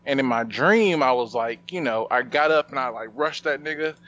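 A man's voice: mid-range voice, moderate pace, a bit bright. A man hosting a podcast, opening the show and telling stories in a laid-back casual chat. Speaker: podcast host. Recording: muffled lo-fi sound.

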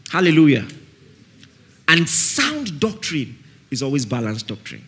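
A man's voice: fairly high pitch, huge pitch swings, measured pace, a bit bright, slightly rough. A man with a Nigerian accent preaching a sermon at a camp meeting. He is emphatic, repeats key phrases and keeps asking his listeners whether they follow him.

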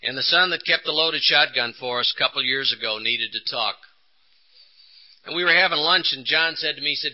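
A dull lo-fi 1980s tape captures an older Texan man at a conference hall, telling his recovery story in an earnest, emotional way and acting out the lines of dialogue. He speaks briskly at a medium pitch.

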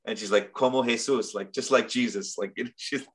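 A man recounting a story in casual podcast talk, bright and forceful in tone. He rambles and swears freely, with an animated push to his delivery. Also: on the low side, normal speed, husky.

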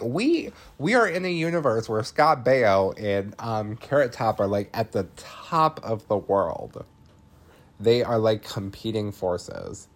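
An unhurried podcast host walks through a film's plot in a loose, chatty way, leaning on filler words and dropping casual profanity. The delivery is lively and melodic, with the pitch swinging freely. It's relaxed recap talk, not scripted narration. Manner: chatty, filler-heavy, swears freely, laughs often.

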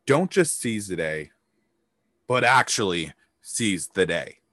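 A man's voice: on the low side, sing-song, takes it slowly, fairly bright tone, no room sound. A man hosting a motivational business podcast, talking emphatically, swearing casually and acting out hyped-up voices. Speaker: podcast host and business coach.

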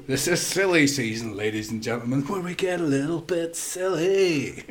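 A man's voice: a little high, moderate pace, faint music behind. Hyper, laughing man. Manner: hyper, laughing, swearing storyteller. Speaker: podcast co-host. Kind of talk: casual chat.

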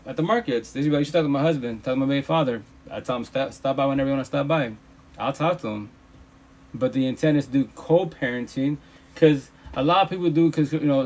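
A man's voice: medium pitch, a little mellow. A man hosting a livestream, ranting in a casual, preachy way, emphatic and profane, repeating himself. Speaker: livestream host. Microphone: phone livestream.

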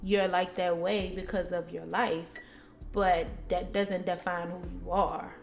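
A woman's voice: lowish voice, flat delivery, unhurried, gravelly, soft background music. Blunt, profane young woman podcaster. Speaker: podcast co-host. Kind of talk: casual chat.

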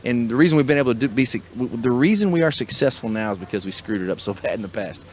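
Fast-talking middle-aged motivational host. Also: male voice, mid-range voice, lively intonation, slight background noise. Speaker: podcast host and small business coach. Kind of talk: casual chat.

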